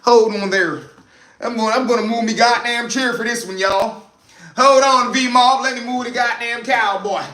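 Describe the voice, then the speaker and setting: A man voicing a loud, brash, cursing Texas country man with a put-on drawl. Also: fairly even intonation, normal speed. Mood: boastful. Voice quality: brash, swearing, booming. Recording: roomy echo, distant mic.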